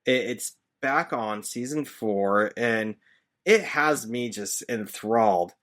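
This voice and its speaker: A man who works as a teacher, hosting a podcast in casual, chatty recap talk, easygoing and quick to chuckle. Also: mid-range voice, a bit bright. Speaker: podcast host.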